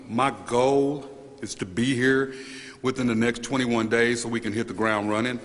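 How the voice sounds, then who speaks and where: A man speaking as a newly named police chief at a press conference, halting and earnest, repeating words and choked up with emotion. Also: mid-range voice, fairly even intonation. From United States. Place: large hall at a press event. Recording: reverberant hall, faint room noise.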